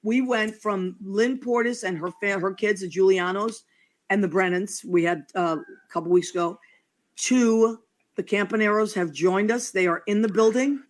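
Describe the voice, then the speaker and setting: A woman's voice: mid-range voice, normal speed. Woman host, chatty, gushing, affectionate, casual talk. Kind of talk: casual chat.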